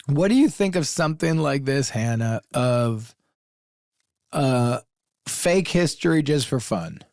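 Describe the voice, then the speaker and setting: A man's voice: mid-range voice, slow pace, gravelly, dry recording, clean studio sound. A man co-hosting a comedy advice podcast, riffing loosely and acting out little scenes with a laugh. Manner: animated, acts out little scenes, laughs often. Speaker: podcast co-host. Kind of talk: casual comedic advice chat.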